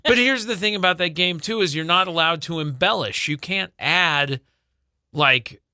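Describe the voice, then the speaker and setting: A man's voice: a little high, normal speed, pushed and bright, clean tone, no room sound. A man co-hosting a morning radio show in a studio, chatting casually and telling self-deprecating stories with plenty of fillers. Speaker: radio co-host. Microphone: studio microphone.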